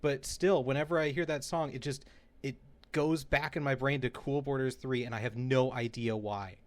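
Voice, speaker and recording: A man's voice: mid-range voice, fairly even intonation, normal speed, no room sound. A man co-hosting a podcast in casual chat, telling a story animatedly and laughing as he goes. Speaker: podcast co-host.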